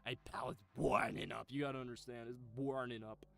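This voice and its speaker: A man's voice: medium pitch, steady tone, a little fast, creaky, a bit bright, faint music behind, pitched above the performer's own voice. A man voicing an exasperated, sweaty man who complains about the heat in a muttered voice.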